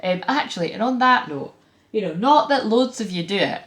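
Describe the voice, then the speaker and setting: A woman's voice: mid-range voice, lively intonation, moderate pace, a bit bright. A Scottish woman hosting a spiritual reading vlog, talking frankly and chattily with plenty of fillers and asides. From Scotland. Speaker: tarot reader and spiritual channeler. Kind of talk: casual spiritual vlog talk.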